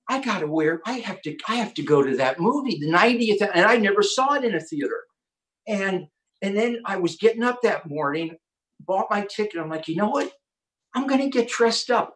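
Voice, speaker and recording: A man hosting an online conference, telling an inspirational story with excitement and acting out the quotes. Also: sits high, moderate pace, rough recording. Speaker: host.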